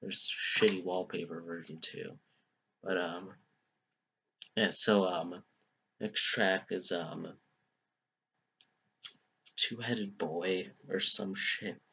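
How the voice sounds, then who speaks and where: Deep-voiced young man, profane rambling rant. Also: steady tone, slow pace, gravelly, pauses often, sharp tone, slightly rough. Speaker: album reviewer. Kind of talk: deliberately crude parody review. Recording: muffled lo-fi home recording.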